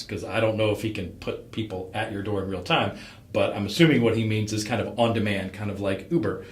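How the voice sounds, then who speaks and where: A man giving a relaxed, rambling critique of a startup pitch as a coach. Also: roomy sound. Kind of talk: conversational critique.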